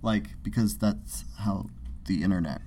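A man's voice: lowish voice, a little slow, mellow, slight background noise. A man from Canada rambles through casual podcast banter as co-host. He is sarcastic and self-deprecating, trailing into asides as he goes.

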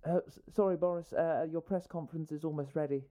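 A man puts on a nervous young-ish government aide, hesitant and apologetic, tripping over his words. The voice is higher than usual, mellow and smooth. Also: fairly even intonation, quick pace, close to an everyday voice. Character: timid, anxious male government aide.

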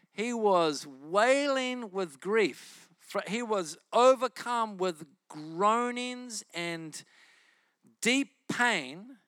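An impassioned man delivering a sermon, hammering phrases through repetition. His voice sits high and bright, and the recording is close and dry. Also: no room sound. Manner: fervent, emphatic, repetitive. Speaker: preacher.

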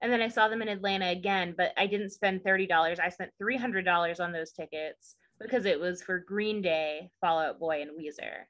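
A woman co-hosting a podcast, recapping a TV episode in casual chat with sarcastic jokes and quick asides. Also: fairly low pitch, fairly bright tone. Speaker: podcast co-host.

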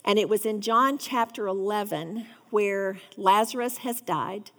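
A woman's voice: medium pitch, measured pace, a bit bright, big-room sound. A woman giving an earnest devotional Bible teaching, rising to fervent emphasis.

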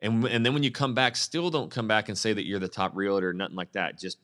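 A man's voice: lowish voice, steady tone, quick pace, few pauses, fairly bright tone. A man, a real estate agent, coaching others in a casual live Q&A, blunt and enthusiastic with plenty of slang.

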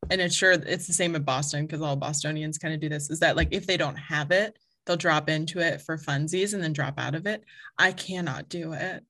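Bright-voiced chatty woman. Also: low-pitched. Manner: rambling, laughs often, many fillers. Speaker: podcast co-host. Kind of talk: casual chat.

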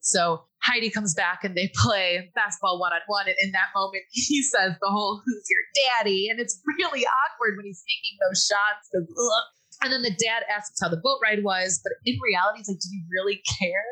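A woman's voice: mid-range voice, sharp tone, low-quality recording. A woman hosting a casual podcast, recapping a movie in a chatty way, laughing often and briefly acting out the characters' lines. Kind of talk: casual chat.

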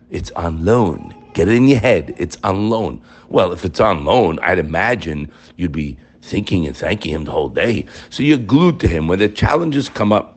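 A man giving a spiritual lesson with a lively voice that swings up and down in pitch. He reads and translates Hebrew text in an animated way, pressing his listeners with rhetorical questions. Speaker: religious teacher.

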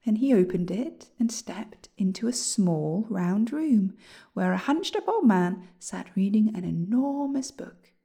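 A woman reading a children's storybook aloud, lively and expressive. Her voice has a noticeable creaky, gravelly fry under it. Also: mid-range voice, unhurried.

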